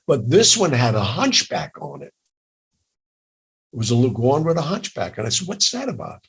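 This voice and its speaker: An older man with a raspy voice, telling lively jokey stories as an interview guest. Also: mid-range voice, moderate pace, a little hiss or hum. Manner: animated, jokey, laughs through stories. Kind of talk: storytelling in a casual interview.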